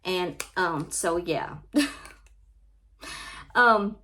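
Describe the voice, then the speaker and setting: A woman's voice: medium pitch, a bit bright. Teary woman unboxing gifts. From Louisiana. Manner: heartfelt, repeats her thanks, says y'all constantly. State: close to tears. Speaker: crafting channel host. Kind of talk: casual unboxing vlog.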